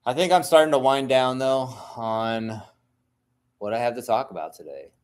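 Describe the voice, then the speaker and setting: A man's voice: medium pitch, moderate pace, a little mellow, clear, resonant tone. A middle-aged man, a tattoo artist, telling stories in a rambling, profane solo monologue full of fillers.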